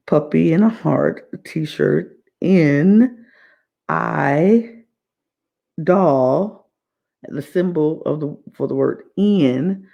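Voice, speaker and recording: Slow, gravelly woman podcaster. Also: sits low, mellow. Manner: rambling, repeats phrases. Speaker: podcast host. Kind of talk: casual reality-show recap.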